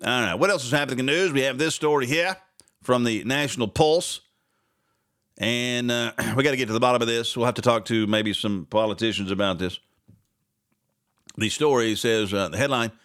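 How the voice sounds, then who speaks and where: A man's voice: mid-range voice, normal speed, a bit bright. A man hosting a casual talk show, rambling and sarcastic and laughing often between asides. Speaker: radio host.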